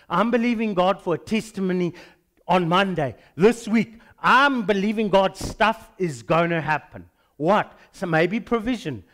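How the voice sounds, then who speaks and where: Animated South African male pastor preaching. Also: high voice. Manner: animated storytelling, acts out dialogues. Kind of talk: sermon.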